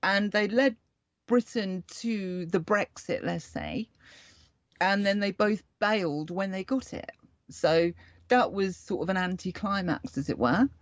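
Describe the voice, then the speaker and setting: A woman from the United Kingdom talks in a chatty, wry way, explaining things to her co-hosts. Her voice sits at a middle pitch. It comes through a slightly muffled, lo-fi line with a dry, close sound. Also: a little slow, no echo. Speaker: co-host. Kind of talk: casual chat.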